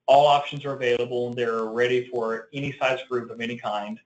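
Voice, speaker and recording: A man with a Southern American accent talks through a webinar answer at a middling pitch. He explains patiently, with ums and small restarts, and his voice rings in a roomy, echoey space. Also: fairly even intonation, a little fast. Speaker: tourism marketing presenter.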